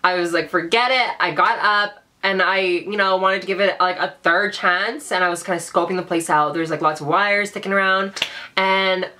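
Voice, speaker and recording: A woman's voice: fairly low pitch, steady tone, normal speed, pushed and bright. A young woman telling a storytime vlog in a chatty, dramatic way, full of "like" and "you know". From Vancouver, Canada. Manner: chatty, dramatic, heavy use of "like". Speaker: beauty vlogger.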